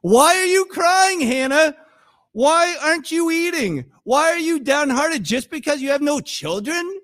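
Man putting on a shouting, clueless husband. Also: very high-pitched, expressive, a little slow, pitched above the performer's own voice, heavily acted. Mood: exasperated. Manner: loud, mocking, incredulous. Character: exasperated clueless husband pleading loudly.

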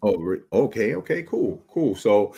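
A male podcast host with a low, husky voice asks relaxed questions. He keeps his replies short while his guest talks. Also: unhurried. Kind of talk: casual interview.

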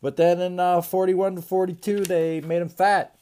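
A man hosting a podcast in a crude, rambling comedic rant, swearing constantly and often trailing off into low mumbles. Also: flat delivery, normal speed, mellow. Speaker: podcast host.

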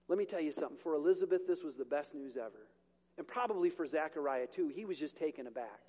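A man's voice: on the high side, expressive, fast, darkish tone. A male pastor preaching a sermon to a congregation, conversational and joking, catching and correcting his own slips. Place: church sanctuary with a congregation. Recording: long hall reverb.

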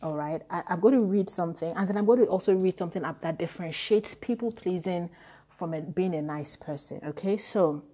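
A woman talking in a casual, reflective monologue, chatty and quick to laugh at herself. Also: fairly low pitch, dark tone, breathy edge.

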